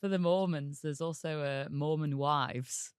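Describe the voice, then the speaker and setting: A person on a podcast team who chips in with quick quips during casual chat. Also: mid-range voice, fairly even intonation, clean tone, dry recording, studio quality. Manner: chipping in with quips.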